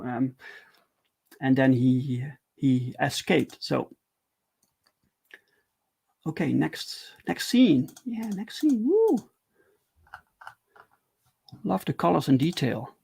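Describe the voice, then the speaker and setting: A man casually walking viewers through his own comic on a livestream, halting and repeating words, enthusiastic about the artwork. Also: medium pitch, vocal fry, darkish tone, husky. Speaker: comic creator streaming.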